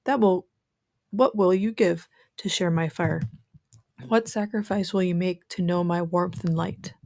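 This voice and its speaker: A woman putting on a raspy ancient crone. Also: on the low side, fairly even intonation, measured pace, a little mellow, dry recording, studio quality. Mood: gruff. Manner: solemn, proclaiming. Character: ancient wise crone, old woman, gruff yet grandmotherly.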